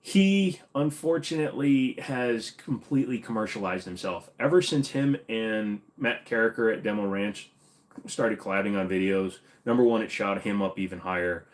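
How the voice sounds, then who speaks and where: A man's voice: fairly low pitch, moderate pace. A man with a Minnesotan accent hosting a casual livestream Q&A, blunt and opinionated. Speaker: host.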